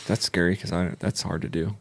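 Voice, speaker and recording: A man's voice: deep voice, steady tone, fairly quick, vocal fry. A man hosting a conversation, chiming in casually with short remarks. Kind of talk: casual chat.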